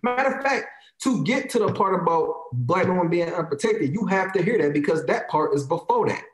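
A man's voice: high-pitched, lively intonation, fairly quick, echoey room, low-quality recording. A man in his thirties with an African American Vernacular English accent, ranting in casual talk; heated, profane and emphatic, repeating lines to drive his point home. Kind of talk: casual opinionated rant.

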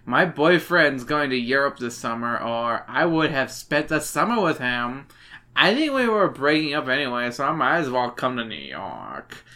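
A man's voice: mid-range voice, big pitch swings, normal speed, bright, forceful tone. A drunk man voicing a spoiled preteen girl reading her snooty letter aloud, slurring his words with a lisp. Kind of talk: comic book reading.

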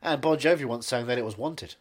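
A man's voice: medium pitch, a little fast. A man co-hosting a podcast in casual chat, joking around and breaking into sung bits. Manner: jokey, bursts into impressions and sung bits. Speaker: podcast co-host.

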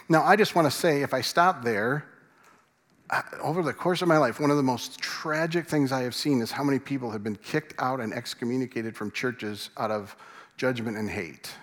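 A man's voice: medium pitch, moderate pace, a bit bright. A man preaching a sermon as a pastor, conversational and asking the congregation questions. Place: church sanctuary. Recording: long reverb in a large hall.

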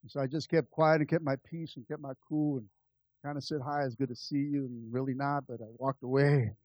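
A pastor telling a personal story in a sermon, moving between quiet, confiding asides and loud, lively peaks. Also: male voice, mid-range voice, brisk, no echo, lo-fi sound. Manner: animated, swings from soft asides to loud climaxes.

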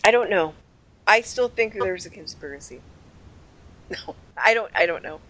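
Lively, teasing woman podcast co-host. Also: mid-range voice, moderate pace, rough recording. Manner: playful, teasing, laughs often. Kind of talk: casual chat.

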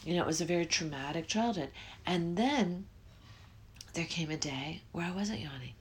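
Low-voiced woman hosting a spiritual podcast. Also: lively intonation, moderate pace, slight background noise. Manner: rambling, self-interrupting, yawning often. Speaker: podcast host. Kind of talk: casual spiritual podcast monologue.

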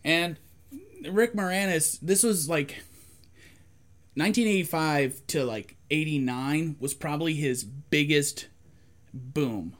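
A man's voice: a little high, takes it slowly, long pauses, fairly bright tone. A man in his forties co-hosting a casual chat, rambling through a story with plenty of fillers and restarts. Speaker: podcast co-host.

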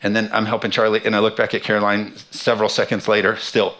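A man's voice: fairly low pitch, monotone, fast talker, fairly bright tone. A man in his thirties, a pastor preaching a sermon, telling a funny family story with self-deprecating humor. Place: church sanctuary.

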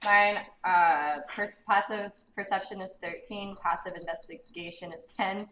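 Brief: woman player, playful and giggly, mid pitch, echoey room. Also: fairly even intonation, a little slow, bright, forceful tone, slight background noise. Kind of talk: casual tabletop play.

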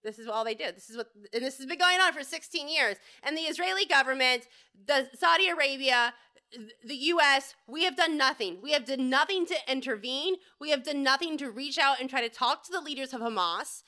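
A woman with a high, bright, sharp-edged voice rants solo on her own podcast. She is angry and swears freely as she rambles from point to point. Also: animated, fairly quick. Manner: angry, profane, rambling rant. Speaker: podcast host. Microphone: home podcast setup.

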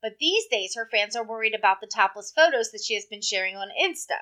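A woman's voice: medium pitch, animated, fast talker, pushed and bright. A woman co-hosting a casual chat podcast, blunt and wisecracking. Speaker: podcast co-host.

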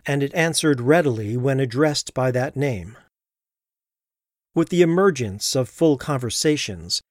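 A man tells a ghost story in a measured, steady narration at a middling pitch. His voice sits close and dry, with no room sound at all. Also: dry recording.

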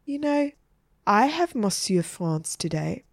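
A woman's voice: medium pitch, very animated, slow, no echo, exaggerated voice. Lady reading as a cheeky schoolboy, plain voice, dry room. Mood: curious. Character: cheeky schoolboy, nervous and hungry.

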